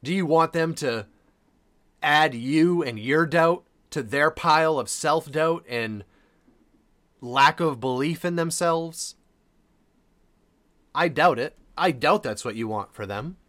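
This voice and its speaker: Earnest man hosting a podcast, higher voice. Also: takes it slowly, pauses often, fairly bright tone. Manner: earnest, heartfelt, repeats himself for emphasis. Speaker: podcast host. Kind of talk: casual podcast monologue.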